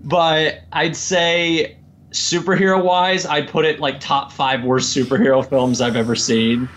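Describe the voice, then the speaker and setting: On a podcast, a male guest launches into an energetic, casual rant about movies, laughing often as he goes and mimicking people in a slow, low drawl. The audio is dull and lo-fi.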